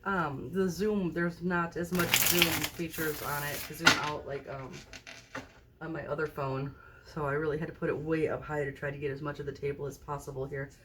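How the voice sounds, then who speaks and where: A woman doing a casual tarot reading to camera at a table indoors, recorded on a phone mounted high overhead, chatting and often checking in with the viewer. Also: little pitch movement, moderate pace, noisy background. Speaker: tarot card reader.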